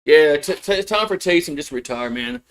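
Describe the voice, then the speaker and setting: A man's voice: fairly high pitch, expressive, brisk. A man doing casual live play-by-play of a football game as a fan streamer, frustrated, swearing and repeating himself.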